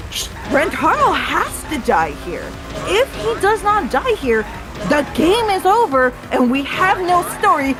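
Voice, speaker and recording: A woman co-hosting a casual drinking chat, ranting emphatically and swearing freely, slightly tipsy. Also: high voice. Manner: emphatic, profane, rants with mocking put-on quotes. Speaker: podcast co-host. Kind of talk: casual chat about a video game.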